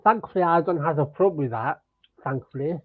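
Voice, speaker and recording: A man's voice: on the high side, brisk, phone-quality sound. A man co-hosting a podcast in casual chat, laid-back, laughing along with short replies. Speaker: podcast co-host.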